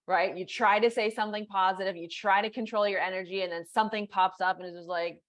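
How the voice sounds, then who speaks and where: A woman's voice: medium pitch, a little fast, few pauses, a bit bright. A woman hosting a live coaching session, talking casually with lots of "like"s and reading viewer comments aloud. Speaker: law of attraction coach and host. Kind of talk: live-streamed coaching talk.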